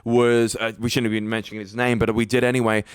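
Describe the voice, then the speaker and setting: A man's voice: medium pitch, level tone, fast talker, smooth, dry recording, studio quality. A man co-hosting a casual podcast, telling stories animatedly, swearing freely and acting out quotes. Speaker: podcast co-host. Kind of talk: casual chat.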